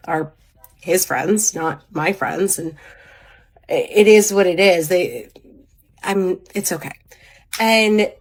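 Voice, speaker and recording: Woman in her 30s, confessional vlog, rambling and halting, slightly low voice. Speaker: mother.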